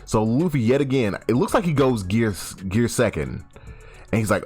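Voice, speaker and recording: A man giving a casual, animated comic recap, swearing freely and often restarting his sentences. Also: medium pitch, moderate pace, husky. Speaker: YouTube host. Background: faint background music.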